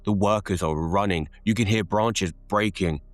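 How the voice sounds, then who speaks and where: A man narrating a scripted horror story in a slow, measured, ominous delivery. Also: low-pitched, no echo.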